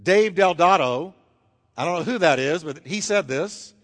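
Brief: high-pitched male pastor, emphatic sermon delivery, long reverb of a big church hall. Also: lively intonation, fairly bright tone. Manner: emphatic, repetitive preaching with dramatic pauses. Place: church sanctuary. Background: congregation.

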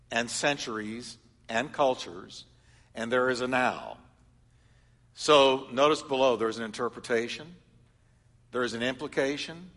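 Animated male pastor in a reverberant hall. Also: medium pitch. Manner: animated, swings between loud exhortation and soft reflection. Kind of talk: sermon teaching. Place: church hall.

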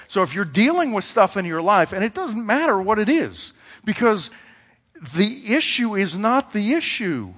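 A man's voice: high voice, fairly bright tone, in a large hall. A man preaching a sermon in a conversational, storytelling way, acting out little dialogues as he goes. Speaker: pastor.

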